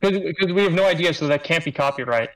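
A young man in casual gaming chat, talking in a slow, mock-serious deadpan. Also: on the high side, low-quality recording. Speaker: tour guide friend.

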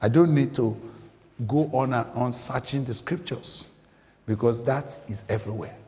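In a church full of long reverb, a man serving as guest preacher gives an emphatic sermon at normal speed. His mid-range voice has a dark tone, and he keeps questioning the congregation and repeating phrases to drive them home.

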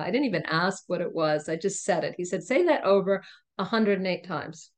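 A middle-aged woman, a podcast guest, telling a personal story in an animated way, often laughing. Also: on the low side, fairly quick. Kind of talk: storytelling in conversation.

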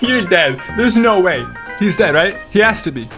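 Excitable young man yelling over gameplay. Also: high voice, moderate pace. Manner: excitable, laughing, yelling at opponents. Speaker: gaming YouTuber. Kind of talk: gameplay commentary. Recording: game music and gunfire behind.

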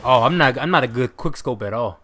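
A young man giving live gameplay commentary in a casual, excitable way, swearing and bursting into shouts. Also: medium pitch, brisk, slight background noise. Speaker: gaming commentator.

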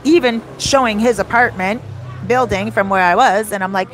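A woman vlogger telling a story in a casual, animated way, outdoors near a beach. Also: medium pitch, normal speed, slight background noise. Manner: animated, acts out quoted dialogue. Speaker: vlogger and life coach.

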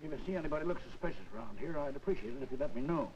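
A man's voice: a little high, lively intonation, very fast, darkish tone, a little hiss or hum, lightly acted. Man playing a folksy small-town sheriff. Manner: drawling, folksy talk. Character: plain-spoken small-town male sheriff. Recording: dull 1940s film soundtrack.

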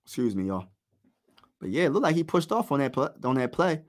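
Excited fan host calling a basketball game. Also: male voice, medium pitch, fairly quick. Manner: excited partisan, slangy, talks to chat. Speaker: livestream play-by-play host. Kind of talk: casual live fan play-by-play.

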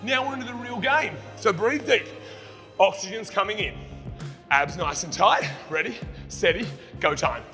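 A man's voice: high voice, normal speed, pushed and bright. A young Australian man who works as a fitness instructor, coaching a follow-along workout with upbeat, encouraging cues and countdowns. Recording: long reverb, music behind.

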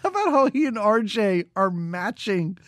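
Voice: medium pitch, sing-song, normal speed, no echo. A podcast co-host in casual movie-review chat, joking and laughing often while mocking scenes.

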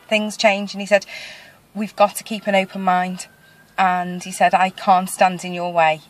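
Chatty woman video diary. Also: rough recording. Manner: chatty, many fillers and restarts, retelling a conversation; emotional, voice rising higher toward the end. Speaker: vlogger. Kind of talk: casual personal video diary.

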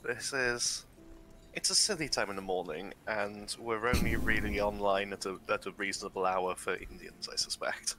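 A man's voice: on the low side, moderate pace, music in the background, poor audio. A man acting as game master for an online tabletop game, talking in a loose, joking, stop-start way.

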